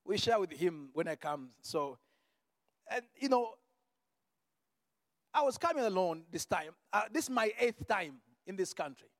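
A man preaching a sermon and telling a healing testimony, shifting from quiet asides to fervent shouted declarations and repeating words as he restarts a phrase. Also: high-pitched, animated, measured pace, pauses often, no room sound, studio quality, big-room sound. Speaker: visiting preacher.

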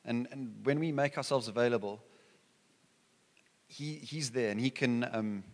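A man's voice: mid-range voice, a little slow, darkish tone, big-room sound. A male preacher speaking in a reflective, encouraging tone, with small restarts. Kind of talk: sermon.

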